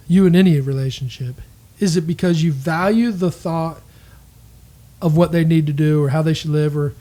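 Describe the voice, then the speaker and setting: A man's voice: fairly high pitch, dark tone. A man co-hosting a marriage podcast, talking earnestly and candidly, owning up to his own faults. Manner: earnest, self-critical, quotes people in acted voices. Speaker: podcast co-host.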